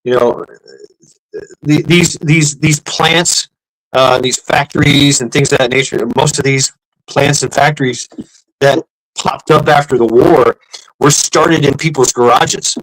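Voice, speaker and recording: A man's voice: on the high side, fairly even intonation, measured pace, fairly bright tone, rough recording. A man hosting a casual live stream, rambling with many fillers and restarts and reading out viewers' comments. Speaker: livestream host. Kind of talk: casual livestream chat.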